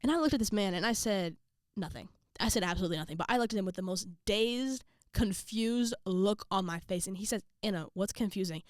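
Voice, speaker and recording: A young woman vlogging, casually telling a story to her viewers and acting out quotes with jumps in pitch. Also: brisk, dry recording, clean studio sound.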